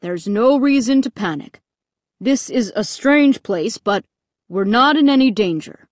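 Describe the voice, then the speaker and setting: A woman voicing a calm, soothing father, reading slowly from a storybook. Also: a little high, no echo, studio quality. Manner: soothing, measured.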